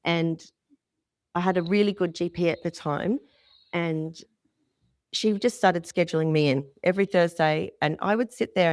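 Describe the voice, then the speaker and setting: A woman's voice: on the low side, dry recording, studio quality. A middle-aged woman with an Australian accent, a podcast guest telling a personal story candidly, often restarting her sentences.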